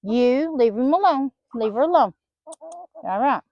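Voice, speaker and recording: A high-voiced farm vlogger with lively intonation chats through her chores in an outdoor poultry pen on a small farm, scolding her hens like children in a sing-song manner. She's unhurried and a little mellow. The dull, lo-fi outdoor audio is dry.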